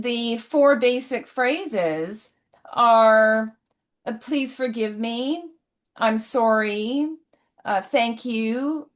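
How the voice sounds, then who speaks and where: A middle-aged woman speaking earnestly and emotionally as an interview guest, slow and halting. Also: on the high side. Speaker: guest, horse healer. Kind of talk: heartfelt interview answers. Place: ranch.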